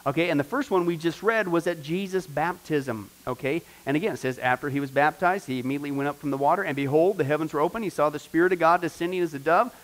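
A middle-aged man, a pastor, teaching a discipleship class in a lively, conversational way and asking the class questions. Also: a little high, fast talker, few pauses.

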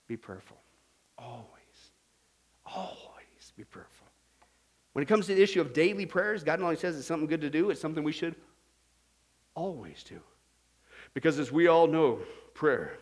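A man preaching a sermon as pastor, animated and humorous, asking the congregation questions and acting out little scenes. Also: a little high.

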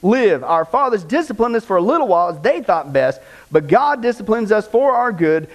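A man's voice: sits high, very animated, normal speed, few pauses. A middle-aged male pastor preaching a conversational sermon, asking the congregation rhetorical questions.

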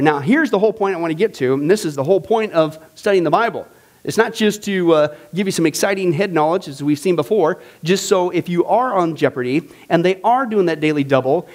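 A man teaching a Bible study class in a casual, animated way, full of jokes and enthusiasm. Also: high voice. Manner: animated, joking, enthusiastic with frequent fillers. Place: church classroom.

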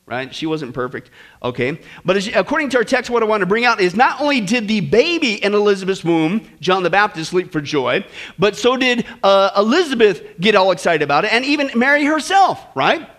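A male pastor preaches with a high, bright voice that swings widely in pitch. He keeps asking his congregation questions and lets out excited whoops. The delivery is animated and full of energy. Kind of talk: sermon.

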